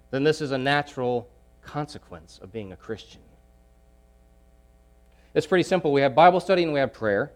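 A man preaching a sermon, emphatic, repeating key phrases and swinging between loud pushes and hushed asides. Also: mid-range voice.

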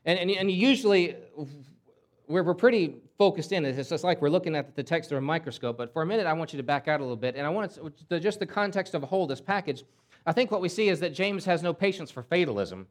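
A man's voice: fairly high pitch, lively intonation, fast. A man preaching a sermon in an emphatic way, often repeating words and acting out quoted voices. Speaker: pastor.

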